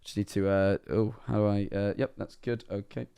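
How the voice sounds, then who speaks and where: A man's voice: lowish voice, flat delivery, normal speed, creaky, mellow, smooth. A man streaming, playing a priest in a comedic role-play, joking and playful.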